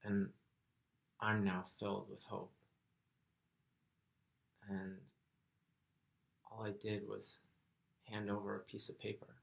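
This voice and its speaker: Soft-spoken guy telling a personal story, gravelly voice, pretty flat delivery. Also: lowish voice, slow, long pauses. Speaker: vlogger.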